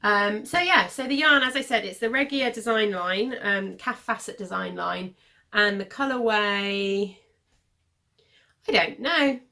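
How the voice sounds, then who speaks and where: Chatty hoarse woman knitting podcaster. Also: mid-range voice, a little slow, pushed and bright. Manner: rambling, many fillers, self-correcting. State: hoarse, losing her voice. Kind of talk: casual show-and-tell chat.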